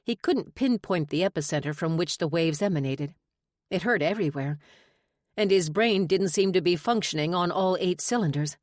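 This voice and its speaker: A woman narrating a romance audiobook in a measured, expressive reading. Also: on the low side, no echo, studio quality. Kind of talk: scripted narration.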